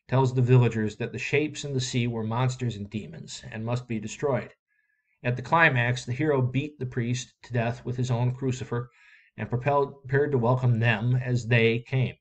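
Man reading a story aloud steadily. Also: medium pitch. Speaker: reader.

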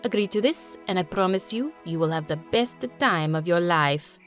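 A woman voicing a cocky, rich young Italian man with an Italian accent, talking low, slow and smug. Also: faint music behind, close to an everyday voice.

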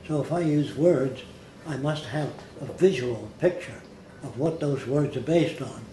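A man's voice: medium pitch, a little slow, mellow. An older man telling stories from his life in a blunt, conversational way, sometimes mimicking how others talk. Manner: blunt, mimics accents in quoted voices. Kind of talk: conversational storytelling. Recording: roomy with faint background hiss.

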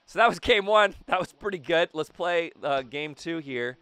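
A young man giving excited commentary on his own gameplay, talking to himself, his throat a little raspy. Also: on the high side, moderate pace, no echo. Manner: hyped, talks to himself and the game. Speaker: gaming video host.

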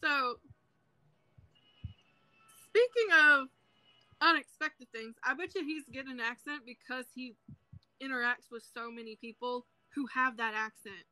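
A woman's voice: a little high, steady tone, moderate pace, sharp tone, dry recording, low-quality recording. A woman in her thirties with a Southern US accent, chatting bluntly and casually on a livestream while crocheting. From South Carolina, US. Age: 30s. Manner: blunt, frank, swears freely. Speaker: livestream host.

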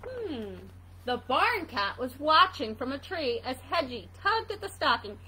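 A woman reading a storybook aloud for children, high and bright. She takes her time and swings her pitch widely, pausing to wonder about the pictures. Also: slight background noise, rough recording. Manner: animated, asks questions about the pictures. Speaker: reader for children.

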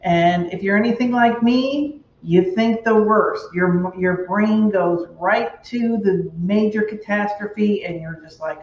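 A woman's voice: mid-range voice, slow, hardly any pauses, darkish tone, a little hiss or hum. Chatty woman heard from across an echoey room. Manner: chatty storyteller, dramatizes her worries. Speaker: tarot channel host. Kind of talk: casual talk to camera. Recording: roomy, distant, dull lo-fi sound.

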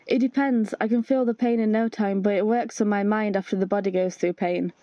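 A woman's voice: medium pitch, steady tone, fairly quick, dark tone, lo-fi sound, slight background noise, lightly acted. A woman reading aloud the chat lines of an anxious, self-blaming young man who pleads not to be left. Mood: pleading. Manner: pleading, apologetic.

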